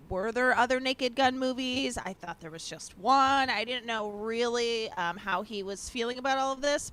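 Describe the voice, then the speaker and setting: Woman on a comedy panel, kinda high voice, chatty and jokey. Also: a bit bright, rough recording.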